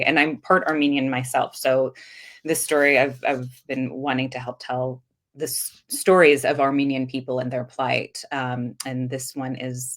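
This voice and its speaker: Low-voiced earnest actress, woman. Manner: earnest, reflective, laughs easily. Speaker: guest actress. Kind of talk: casual podcast interview.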